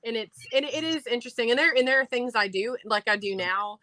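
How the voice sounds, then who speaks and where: A woman in her twenties with an Appalachian accent, a guest in a casual interview who talks fast, enunciates carefully and laughs easily. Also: fairly high pitch, lively intonation, crowd noise, poor audio. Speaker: guest, infant toddler teacher and theater director.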